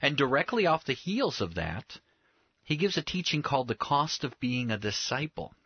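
A man walks through scripture in a lively, emphatic way, with a touch of humor. The sound is dry and close. It has a slightly dull, lo-fi edge. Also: mid-range voice, normal speed, husky, no room sound. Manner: animated, emphatic, acts out scenes with humor. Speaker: Bible teacher. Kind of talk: conversational Bible teaching.

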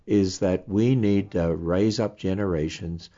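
Older australian man, very low voice, emphatic interview guest, slightly muffled audio. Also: steady tone, unhurried, dark tone. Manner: emphatic, earnest explaining.

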